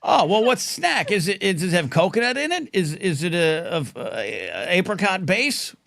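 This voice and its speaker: A man hosting a live call-in talk show, rambling and excitable with lots of restarts. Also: high voice, moderate pace, creaky, no room sound. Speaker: host.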